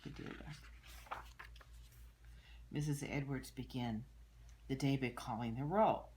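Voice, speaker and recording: An older woman, a grandmother, reading a picture book aloud to children and gently explaining the pictures, with soft murmured asides. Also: rumbling low, steady tone, slow pace, noisy background. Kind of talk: storybook read-aloud with commentary.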